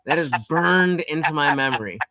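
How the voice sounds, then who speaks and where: A young man hosting a live stream, chatting casually in an animated, rambling way with many fillers. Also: a little high, moderate pace. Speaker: streamer host.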